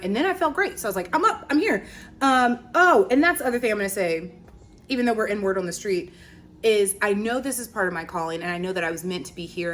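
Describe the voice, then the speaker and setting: A woman in her thirties from Virginia, hosting a podcast in animated, casual, chatty storytelling. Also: on the low side, slight background noise. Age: 30s. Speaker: podcast host. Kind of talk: casual chat.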